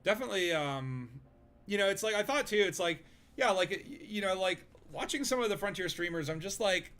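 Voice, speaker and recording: A man's voice: high-pitched, animated, fairly quick, fairly bright tone. A man hosting a casual gaming stream, rambling along with lots of fillers while narrating his own gameplay. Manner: rambling, filler-heavy, chatty. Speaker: streamer host.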